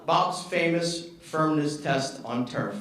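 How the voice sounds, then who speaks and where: A man telling comic stories at a retirement roast at a golf club, animated and acting out quotes. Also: fairly high pitch, takes it slowly, recorded from a distance. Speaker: roast speaker, former assistant. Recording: echoey room with background noise.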